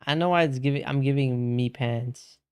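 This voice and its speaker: Relaxed and casual, a young male gamer talks with his chat during a live stream, reading messages aloud and dropping "bro" constantly. He speaks at a moderate pace with a medium pitch and a clean tone.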